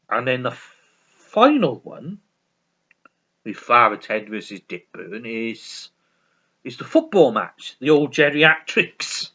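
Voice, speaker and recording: A man's voice: mid-range voice, sing-song, slow, pauses often, pushed and bright. A man chatting casually as a vlogger, rambling with restarts and chuckling along. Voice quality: rambling, many restarts and laughs. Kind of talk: casual chat about a sitcom. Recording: dull lo-fi recording.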